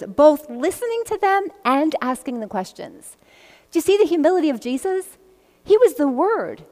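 A woman leading a casual Bible teaching, reading verses aloud and commenting in a chatty way, laughing often between passages. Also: sits high. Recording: long echoey reverb.

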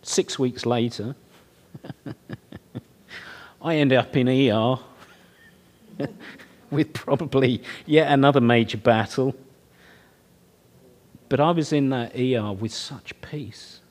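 A man's voice: medium pitch, slow pace, pauses often, a little mellow. A middle-aged man preaching, telling his own story in an earnest, conversational way. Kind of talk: sermon testimony.

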